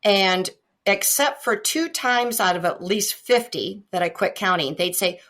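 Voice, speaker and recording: A woman from Iowa, a guest on a podcast, telling humorous anecdotes in a relaxed, chatty way over a remote connection. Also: medium pitch, a little slow. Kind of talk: casual storytelling interview. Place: remote call.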